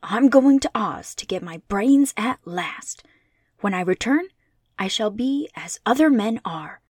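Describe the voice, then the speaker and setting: A woman's voice: mid-range voice, expressive, measured pace, a little mellow, husky, no room sound, studio quality. A woman reading aloud and voicing an eager, hopeful scarecrow man in a cheerful, earnest tone.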